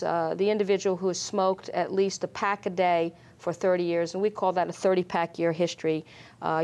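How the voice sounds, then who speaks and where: A middle-aged woman, a lung doctor, explaining screening in an interview, measured and full of fillers. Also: on the low side, a little mellow. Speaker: pulmonologist guest. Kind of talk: medical interview.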